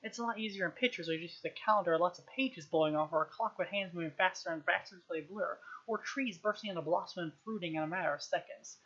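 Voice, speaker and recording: A woman reading a novel aloud on a live stream, at a quick pace and with frequent throat-clearing. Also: lowish voice, fairly bright tone, muffled recording. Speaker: reader, streamer.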